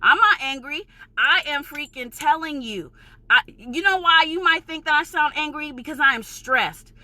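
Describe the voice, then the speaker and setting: A woman's voice: high voice, normal speed, sharp tone, no echo. A woman from New York with a New York accent, ranting in a vlog, heated, emphatic and profane, insisting she is passionate, not angry. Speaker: vlogger.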